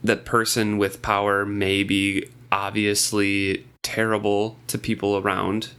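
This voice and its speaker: A man co-hosting a casual book discussion podcast, animated and laughing, with plenty of filler words. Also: lowish voice, unhurried, smooth. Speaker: podcast co-host.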